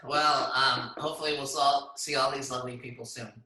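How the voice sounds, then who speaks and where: A man's voice: mid-range voice, steady tone, fairly quick, bright, forceful tone. A man co-hosting a podcast over a video call, chatting casually and laughing easily as he talks. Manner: chatty, laughs often while talking. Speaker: podcast co-host. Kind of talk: casual chat. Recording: roomy video call audio.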